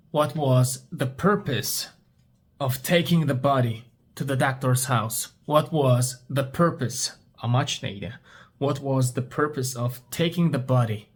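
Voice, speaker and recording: A man whose first language is Turkish, teaching English by asking story questions, repeating each one and answering it himself. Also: mid-range voice. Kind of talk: story-based English speaking practice.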